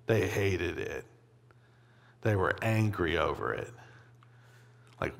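A man's voice: deep voice, slow, vocal fry. A man preaching a sermon in a loose, conversational way, often checking in with "right?" and acting out quoted voices. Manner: conversational, animated, frequent "right?" asides. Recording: long hall reverb.

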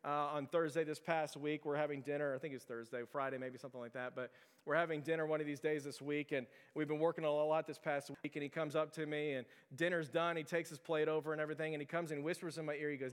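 Fast-talking pastor in an echoey hall. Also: male voice, a little high, flat delivery, clean tone. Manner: conversational, storytelling, lots of fillers. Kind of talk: sermon.

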